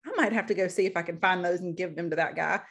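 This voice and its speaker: A woman putting on her older father, a fussy but generous Southern man, in a deep Southern accent. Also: fast talker. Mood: insistent. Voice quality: drawling, emphatic.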